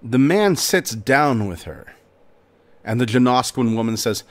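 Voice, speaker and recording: A man hosting a podcast, narrating a folk tale in a dramatic, expressive storytelling manner. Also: mid-range voice, a little slow. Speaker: podcast host.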